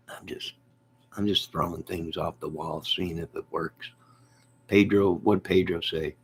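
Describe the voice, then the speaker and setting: A man's voice: deep voice, fairly even intonation, measured pace, slight background noise. A man hosting a casual live stream from home, rambling about his day, reading out viewer comments and laughing often.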